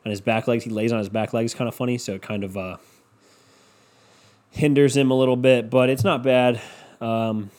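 A man's voice: mid-range voice, steady tone, normal speed, pauses often, a little mellow. Young male podcast host, casual solo monologue, profane, rambling, self-mocking.

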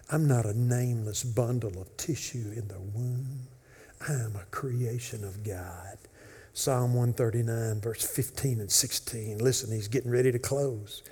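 A man, a pastor, preaching a sermon with dynamic swings from loud emphasis to hushed whispers. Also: mid-range voice, measured pace, breathy edge, in a large hall. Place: church sanctuary.

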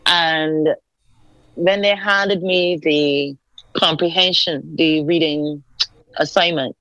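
A woman's voice: low-pitched, slow, no room sound. A woman from Barbados, a senator telling her own stories as an interview guest and acting out the dialogue. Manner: animated storyteller, acts out quoted dialogue. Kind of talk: casual storytelling interview. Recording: dull, dry recording.

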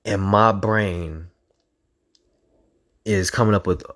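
A young man telling a casual, profane story, acting out the sounds with lively energy. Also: fairly low pitch, slow. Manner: animated, profane, acts out sounds.

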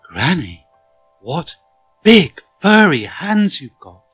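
Storybook little girl, uneasy and wondering, bright tone, played by a man. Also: mid-range voice, big pitch swings, slow pace, slightly rough, dry recording, faint music behind, voice pushed up, full character voice. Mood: nervous. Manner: hesitant, wondering. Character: young girl, curious and nervous.

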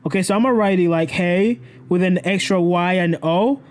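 A man's voice: high voice, normal speed. A young man vlogging casually to his camera, telling a story in a rambling, self-correcting way, swearing freely and laughing often.

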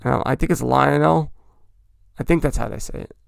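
A man's voice: mid-range voice, moderate pace, creaky, no room sound, clean studio sound. A man hosting a podcast, talking in a rambling, chatty way and correcting himself as he goes. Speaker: podcast host. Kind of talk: casual hobby talk.

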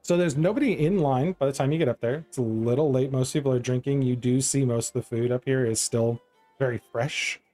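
A man's voice: mid-range voice, brisk, mellow, soft background music. A man narrating as game master in a tabletop game, loose and rambling with frequent ums.

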